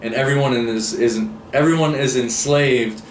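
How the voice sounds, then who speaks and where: A man's voice: medium pitch, fairly even intonation, normal speed. A man giving a casual book review, rambling with many fillers and restarts. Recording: roomy echo, distant mic, faint hiss.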